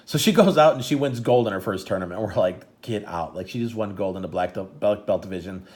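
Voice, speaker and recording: A middle-aged father who coaches karate tells a long story straight to camera in a casual, rambling way. His voice is on the low side and somewhat dark, and he talks a bit fast. He keeps restarting his sentences and gets choked up as the emotion builds.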